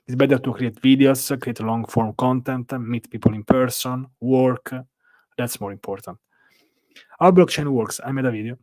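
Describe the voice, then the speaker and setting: On a hotel-room live stream, a man with an Italian accent rambles casually through viewers' questions, saying "uh" a lot. The recording has no room sound, and his medium-pitched, slightly mellow voice keeps a moderate pace.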